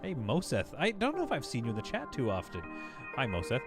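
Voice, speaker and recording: A man's voice: medium pitch, huge pitch swings, fairly quick, over music. A man casually chatting on a live game stream, reading out viewer messages and laughing often. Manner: chatty, reads chat aloud, laughs often. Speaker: livestream gamer host.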